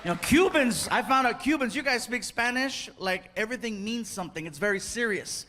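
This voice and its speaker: A high-pitched man doing a lively stand-up set on a big theater stage, throwing himself into loud, shouty character voices. A roaring crowd and heavy noise fill the live recording. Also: brisk, in a large hall. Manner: animated, puts on loud shouty Spanish-speaking voices. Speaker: stand-up comedian. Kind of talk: stand-up comedy routine. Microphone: stage microphone.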